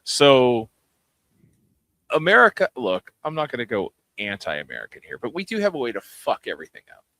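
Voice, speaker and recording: A man's voice: mid-range voice, moderate pace, no echo, rough recording. A man co-hosting a podcast, telling stories in casual chat and swearing freely. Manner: profane, animated storyteller. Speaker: podcast co-host.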